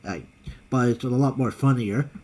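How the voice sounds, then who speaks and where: A man co-hosting a casual podcast chat, halting and often searching for his words. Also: mid-range voice, warm tone, breathy edge. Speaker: podcast co-host.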